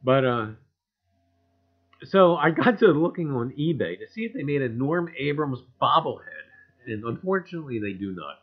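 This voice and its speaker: A man's voice: medium pitch, sing-song, moderate pace, husky, dull audio. A man hosting a casual livestream chat, reading viewer comments in a folksy way and chuckling often. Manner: folksy, chuckling, repeats "I tell you".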